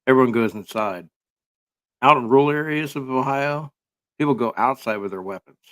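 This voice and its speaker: A man's voice: medium pitch, normal speed. A man giving casual, rambling commentary full of sarcastic jokes and filler words.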